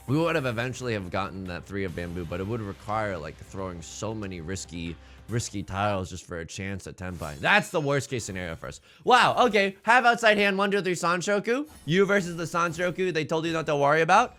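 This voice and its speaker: A young man commentating his own game with a lively, swooping voice and a bright, forceful tone. He jokes his way through each move and talks straight to his rivals on screen. Music plays quietly behind him. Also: a little high, quick pace, few pauses. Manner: animated, jokey, talks to opponents on screen. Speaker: let's play host.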